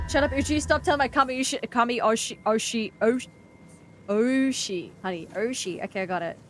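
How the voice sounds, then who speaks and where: A young Australian woman streaming a horror game and chatting casually with her viewers. She is excitable, thinks out loud, and breaks into loud yelling and laughter. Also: a little high, a little fast, a little hiss or hum. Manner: chatty, talks to chat and thinks aloud. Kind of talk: casual live-stream commentary.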